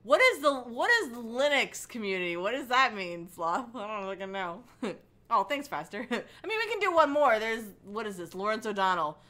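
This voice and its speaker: A young woman hosting a casual livestream from her couch at home, rambling and halting as she chats and answers her viewers. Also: on the high side, sing-song, bright, forceful tone. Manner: rambling, halting, with frequent ums and likes. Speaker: livestream host. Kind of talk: casual chat reading chat messages. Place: home living room, on a couch.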